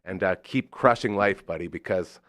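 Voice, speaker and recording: A man's voice: normal speed, a bit bright, no echo, clean studio sound. A man hosts a casual talk show, effusive and upbeat. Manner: effusive and upbeat, with big swings in pitch. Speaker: radio show host. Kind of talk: casual chat.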